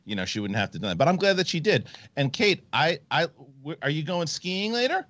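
A man hosts a casual live stream in a middle-pitched voice. His speech is lively and teasing, and the sound is dry and close. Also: a little fast, no echo. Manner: teasing, joking. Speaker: host. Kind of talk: casual chat.

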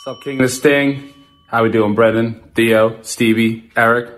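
A man's voice: mid-range voice, fairly even intonation, normal speed, faint music behind. A man calling in to a comedy podcast with a laid-back question for the hosts. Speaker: caller leaving a question. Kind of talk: casual recorded question.

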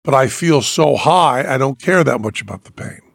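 Gravelly raspy guy hosting a podcast, telling a wild story, swears a lot, dry close mic. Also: medium pitch, normal speed, no echo. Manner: animated, profane, acts out quoted voices. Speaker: podcast host. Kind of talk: casual storytelling.

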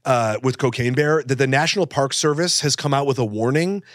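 A man riffs through a comedy podcast, rambling from joke to joke with plenty of fillers. His voice sits at an everyday pitch, recorded close and dry with no room sound. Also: a little fast, no echo. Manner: rambling, joking, lots of fillers. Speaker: podcast co-host. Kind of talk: casual comedic chat.

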